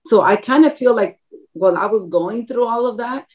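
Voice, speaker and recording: A slightly high, darkish voice at a moderate pace belongs to an interview guest giving her faith testimony. She's an adult woman, married with a grown son, who tells her story with animation, performing the quoted dialogue and laughing often.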